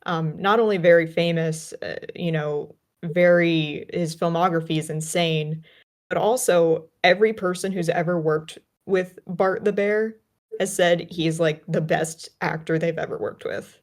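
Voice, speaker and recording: Low voiced woman rambling slow about a movie on a call, lots of likes and ums. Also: fairly even intonation. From United States. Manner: chatty, many fillers and restarts. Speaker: podcast co-host. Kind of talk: casual film discussion. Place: remote call.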